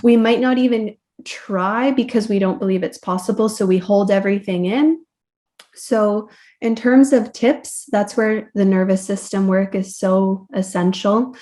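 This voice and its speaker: Reflective woman therapist, mid-pitched. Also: a little mellow. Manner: reflective, explanatory, loose with fillers. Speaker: therapist and guest. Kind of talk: conversational podcast interview.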